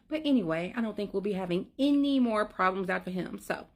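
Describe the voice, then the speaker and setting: Animated woman telling a comic story. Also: fairly high pitch, quick pace, few pauses. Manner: animated, comic, addresses listeners as "y'all". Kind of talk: casual storytime.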